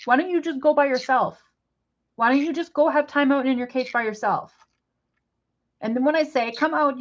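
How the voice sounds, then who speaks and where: In a muffled recording, a young woman with a high-pitched voice repeatedly scolds her pet bird in her apartment. Exasperated, she lectures it in simple, broken phrases.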